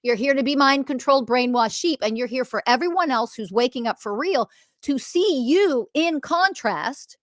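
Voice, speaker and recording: A woman hosting a podcast, delivering a confrontational, profane ranting monologue that swings from loud emphasis to quiet muttering. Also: high-pitched, expressive, normal speed, no room sound, studio quality. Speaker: podcast host.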